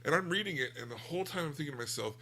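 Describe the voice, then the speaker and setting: A man's voice: on the high side, lively intonation, racing, bright, forceful tone. An American man chatting candidly on a book podcast, rambling a little and restarting his sentences. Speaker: book club podcast co-host. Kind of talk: casual chat.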